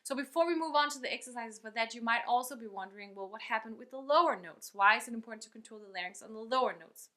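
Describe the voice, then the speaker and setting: A woman's voice: a little high, fast, few pauses, a bit bright. A woman vocal coach giving an upbeat, chatty online singing lesson and breaking off to demonstrate sounds.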